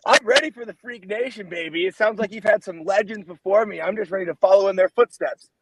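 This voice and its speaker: A man's voice: sits high, brisk, heavy background noise. A young man, a musician guest, chatting casually and laughing easily on a remote call. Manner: laid-back, laughs easily. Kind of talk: casual interview chat.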